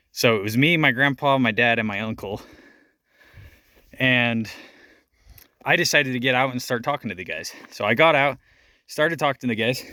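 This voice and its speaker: A man's voice: medium pitch, pushed and bright, no room sound. A young man telling a story while hiking outdoors on a rocky trail, laughing often and out of breath. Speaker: vlogger. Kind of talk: casual storytelling vlog.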